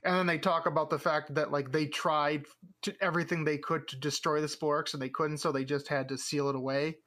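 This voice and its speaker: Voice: mid-range voice, level tone, a little fast, a bit bright. A podcast co-host casually recapping a show in easygoing, chatty talk. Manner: easygoing and chatty, with frequent fillers like "like".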